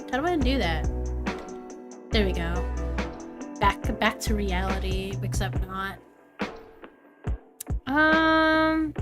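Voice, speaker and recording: A young woman streamer chatting casually and rambling with fillers and giggles. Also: mid-range voice. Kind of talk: casual livestream chat.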